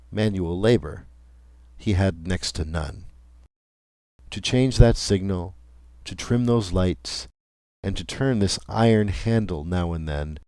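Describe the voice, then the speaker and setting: A man reading a classic ghost story aloud in scripted audiobook narration, measured and deliberate. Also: low-pitched, a little mellow, dry recording, clean studio sound.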